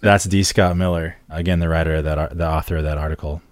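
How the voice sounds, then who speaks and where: A man with a deep, low voice explains things at an even, measured pace on a casual podcast, dropping in "um" and "like" as he goes. The sound is dry and close, with no room around it. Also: no echo. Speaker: podcast co-host.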